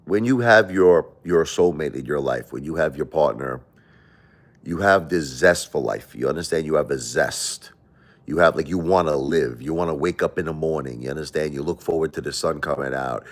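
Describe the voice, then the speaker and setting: A middle-aged man with an extremely low, deep voice talks straight to his livestream viewers. He rambles and circles back, repeating phrases as he pours out a confessional monologue. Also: moderate pace. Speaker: livestream host.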